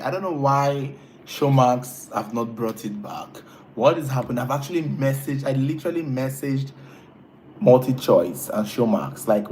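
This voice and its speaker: A man's voice: mid-range voice, a little mellow, a little hiss or hum, rough recording. A man hosting a casual live stream, chatting with viewers, teasing them and laughing often. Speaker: livestream host reading chat.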